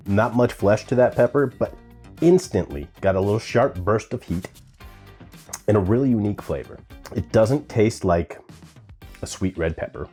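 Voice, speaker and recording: Male vlog host, low mellow voice, relaxed and chatty, faint music behind. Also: moderate pace, pauses often, breathy edge. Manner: easygoing, chatty, admits he can't pronounce names. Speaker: gardening and pepper-tasting channel host. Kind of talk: casual vlog talk to camera.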